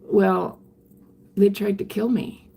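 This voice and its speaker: An older woman talks on a casual live stream, her voice gravelly and mellow. She speaks candidly and reflectively, pausing and restarting her sentences as she answers comments from viewers. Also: medium pitch, steady tone. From Canada. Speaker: livestreamer reading viewer comments.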